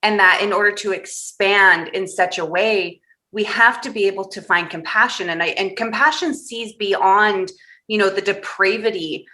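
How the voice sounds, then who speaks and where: A woman talks as a podcast guest, her tone bright and forceful. She tells her story candidly and with energy, and she laughs her way through the rough parts. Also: mid-range voice, moderate pace. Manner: candid, animated storyteller who laughs through hard memories.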